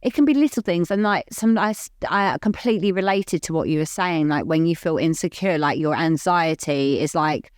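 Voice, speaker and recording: A woman with a slightly low voice, chatting candidly on a podcast. She rambles, fills her sentences with "like", and stays open and earnest throughout. The close mic sounds dry, with almost no room. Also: moderate pace, few pauses, smooth, no echo. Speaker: podcast co-host. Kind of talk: candid casual chat.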